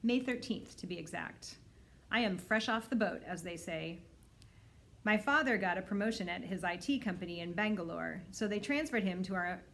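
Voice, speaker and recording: A woman librarian reading a children's novel aloud in a clear, steady storytelling manner. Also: mid-range voice, slight background noise.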